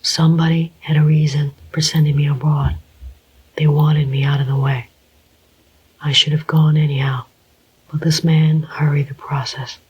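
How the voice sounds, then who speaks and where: A reader voicing a cool, steady male ex-convict in a whispered role-play, deliberate and clipped. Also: mid-range voice, slightly rough. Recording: dull lo-fi recording.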